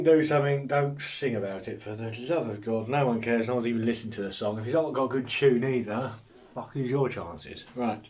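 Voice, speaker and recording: Sarcastic man ranting live. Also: lowish voice. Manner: sarcastic, ranting, swears freely. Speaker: host answering viewer questions. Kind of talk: casual live Q&A chat.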